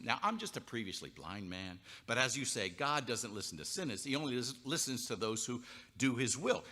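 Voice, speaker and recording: A man's voice: medium pitch, animated, brisk, bright, forceful tone. A man telling a story in a wry, theatrical comic way on a chapel stage. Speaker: storyteller performer. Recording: reverberant chapel hall.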